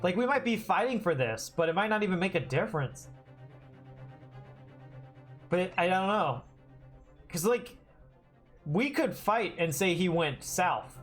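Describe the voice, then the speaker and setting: A streamer chats casually over gameplay, thinking aloud in loose, hesitant runs full of restarts. The voice sits at a middling pitch, and faint music plays underneath. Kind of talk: casual live-stream commentary while playing a game.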